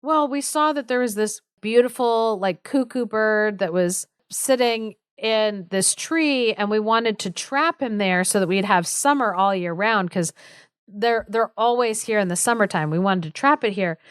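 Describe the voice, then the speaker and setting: A woman's voice: mid-range voice, measured pace, clean tone, dry recording, close to an everyday voice. A woman on a podcast voicing a group of earnest, simple-minded village men in a folk tale, in a slightly raised, eager voice.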